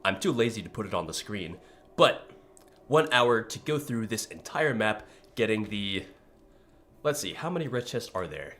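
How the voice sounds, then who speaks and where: A young man streaming a video game in a relaxed, rambling way, with a groggy morning voice, often clearing his throat. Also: fairly low pitch, moderate pace. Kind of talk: casual live-stream chat.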